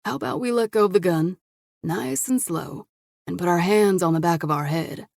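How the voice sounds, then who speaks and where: A woman's voice: fairly low pitch, moderate pace, gravelly, darkish tone, no echo, clean studio sound. A woman voicing a tough, wry male cop in an audiobook. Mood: threatening.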